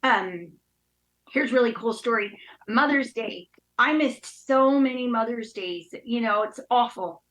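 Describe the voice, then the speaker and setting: A woman's voice: fairly high pitch, unhurried, fairly bright tone, poor audio. A woman in her thirties speaking candidly and emotionally in casual chat, with many fillers. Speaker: guest.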